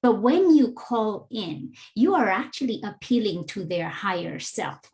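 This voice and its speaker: A woman guest on an interview, explaining things in an earnest, measured, teacherly way. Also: mid-range voice, very animated, darkish tone. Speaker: guest, DEI educator.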